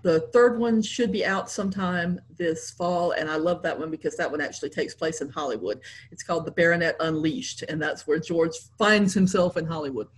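A woman author, cheerful and quick to laugh, reading her work aloud and chatting in an interview. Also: sits low, husky.

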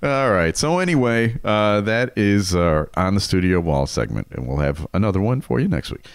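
Male podcast co-host, low and animated, casual joking banter. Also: normal speed, smooth, no room sound. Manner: joking, laughs easily. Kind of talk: casual chat.

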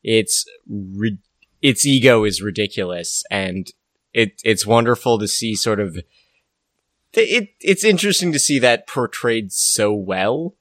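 A man's voice: on the low side, expressive, measured pace, a bit bright, no room sound. A man co-hosting a casual podcast chat. He is wry and rambling, with many restarts. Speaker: podcast co-host.

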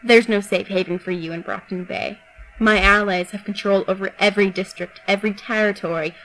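A woman reading a calm, menacing bug-controlling girl. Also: mid-range voice, fairly quick, faint music behind, lightly acted, low-quality recording. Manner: calm, level threats. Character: cold, menacing young woman who commands bugs.

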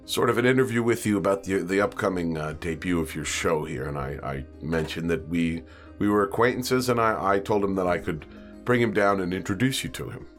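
A man voicing a polite young art student who speaks haltingly with many pauses. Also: low-pitched, faint music behind, lightly acted.

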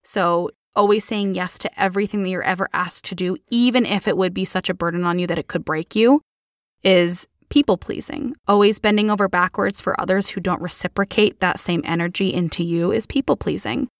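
A woman co-hosting a podcast who explains an idea in a measured way, laying it out point by point. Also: fairly low pitch, dry recording, studio quality. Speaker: podcast co-host. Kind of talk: explanatory talk.

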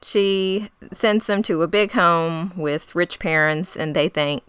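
A woman's voice: fairly low pitch, steady tone, slow pace, few pauses, a bit bright, clean tone, dry recording. A woman co-hosting a podcast, narrating a TV plot in a casual chat. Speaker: podcast co-host.

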